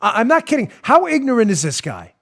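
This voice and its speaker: In a very high, gravelly voice at a quick pace, a man hosting a podcast rants through an opinionated monologue. He comes across as emphatic, sarcastic, and animated.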